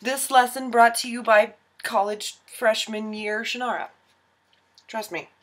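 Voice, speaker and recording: A woman's voice: a little high, fairly even intonation, measured pace, fairly bright tone, a little hiss or hum. A tipsy young woman filming a casual baking tutorial in her home kitchen, giggly, rambling and self-mocking.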